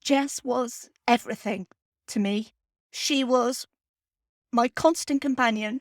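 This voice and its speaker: A woman hosts her podcast, fighting back tears as she speaks earnestly and heartfelt, pausing often. Her voice sits a touch high, recorded close on the mic in a dry, dead room. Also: no room sound. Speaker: film podcast host. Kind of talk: heartfelt spoken podcast tribute.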